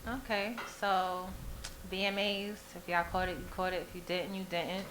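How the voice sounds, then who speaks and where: A woman's voice: fairly low pitch, steady tone, normal speed, echoey room, background noise. A woman hosting a casual radio talk show, playful and slangy, teasing her co-hosts.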